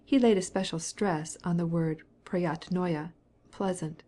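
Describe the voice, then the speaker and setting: A woman narrating a classic novel as an audiobook, in a measured, soft-spoken reading. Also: lowish voice. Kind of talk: scripted narration.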